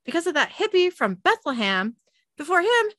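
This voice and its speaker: A woman's voice: very high voice, sing-song, moderate pace, sharp tone, dry recording, pitched above the performer's own voice, full character voice. A woman reading the lines of a scheming, mocking female pagan goddess, lightly voiced. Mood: sneering. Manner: light read-aloud of quoted lines.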